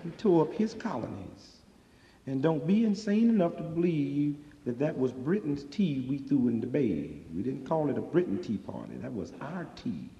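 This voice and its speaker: A man performing a stand-up comedy monologue, talking in animated, profane street slang on a live stage. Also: medium pitch, moderate pace, slight background noise. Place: live stage before an audience. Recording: dull lo-fi live recording in a reverberant hall.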